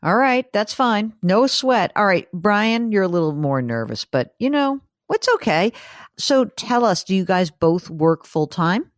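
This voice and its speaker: A woman's voice: medium pitch, sing-song, a little slow, no echo, clean studio sound. A woman hosting a money call-in radio show, chatty and teasing with callers. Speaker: host.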